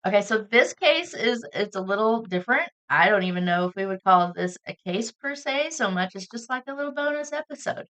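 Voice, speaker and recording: A woman co-hosting a podcast in a relaxed, chatty way, with frequent fillers. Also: mid-range voice, brisk, hardly any pauses. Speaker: podcast co-host. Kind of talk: casual podcast chat.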